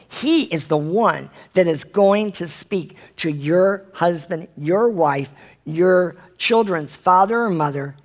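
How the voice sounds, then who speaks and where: A Bible study leader reading scripture aloud and preaching, earnestly asking the listeners direct questions and now and then stumbling and correcting the reading. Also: medium pitch.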